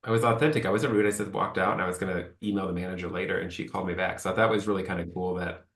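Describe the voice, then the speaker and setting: A man's voice: deep voice, fairly even intonation, rapid-fire, a bit bright, reverberant. A man talking as a podcast guest, candid and rambling, acting out bits of remembered speech. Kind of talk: casual conversation.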